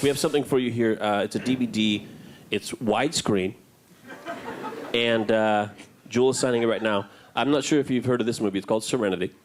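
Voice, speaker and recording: A man's voice: on the low side, brisk, noisy background. A man on a convention panel, bantering and teasing the audience in a mock-formal way.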